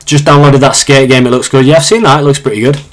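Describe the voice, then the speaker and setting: This is a young man from Yorkshire, in his twenties, with a broad local accent. He talks loosely and chattily as he streams, reading out viewers' questions and trailing into fillers and restarts. His voice sits at an ordinary middle pitch. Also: steady tone, fast talker. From Yorkshire, England. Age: 20s. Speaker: live streamer. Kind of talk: casual live-stream chat while gaming.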